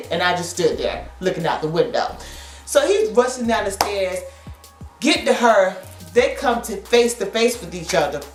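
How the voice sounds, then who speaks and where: A woman in her thirties telling a story to camera in a slangy, animated way, laughing often. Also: medium pitch, unhurried, echoey room, soft background music. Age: 30s. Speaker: vlogger. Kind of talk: casual storytelling.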